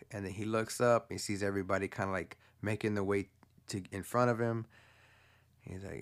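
A man with a lowish voice casually walks through a movie's plot. He rambles and swears freely, with plenty of fillers and restarts. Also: fairly even intonation, a little slow, long pauses, smooth. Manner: rambling, profane, filler-heavy. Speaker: movie fan recapping a film.

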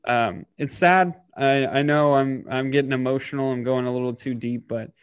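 A man in his thirties talking casually on a podcast, halting with many fillers and getting choked up. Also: mid-range voice, clean tone, no echo, studio quality. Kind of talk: casual emotional podcast talk.

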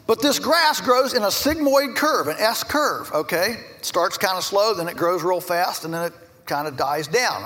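A middle-aged farmer from Virginia giving a lively conference speech, an animated storyteller who slips in jokey asides. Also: male voice, high voice. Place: large conference hall. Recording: echoey hall with long reverb.

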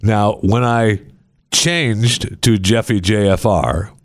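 Low-voiced sarcastic man hosting a podcast. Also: slow pace, no echo, studio quality. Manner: sarcastic, rambling, mock-pleading. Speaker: podcast host. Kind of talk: casual talk show banter.

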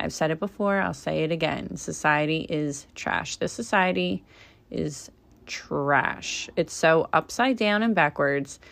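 Slow-talking chatty podcast host woman. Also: sits low, gravelly. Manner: chatty, opinionated, laughs often. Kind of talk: casual podcast monologue.

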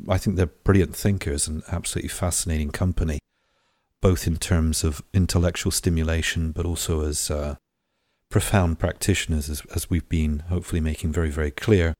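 A very deep-voiced man hosts a conversation, thinking aloud with hesitant fillers. His voice sounds close and dry. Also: steady tone, a little fast, darkish tone, dry recording. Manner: thoughtful, hesitant with many fillers. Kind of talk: conversational interview.

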